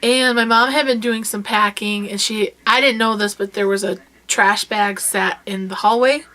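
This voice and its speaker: Young woman, bright voice, casual chatty storytelling, animated. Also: mid-range voice, normal speed. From rural United States. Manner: animated, breaks into loud yelling when retelling. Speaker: vlogger.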